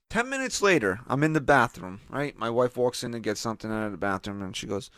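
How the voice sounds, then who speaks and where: A man chatting on a podcast, looping through a story and doing the voices of people he quotes. His pitch is middling and the sound is dry and close. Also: expressive, fast, few pauses, a bit bright, no echo. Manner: rambling, acts out quoted voices. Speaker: podcast co-host. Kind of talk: casual chat.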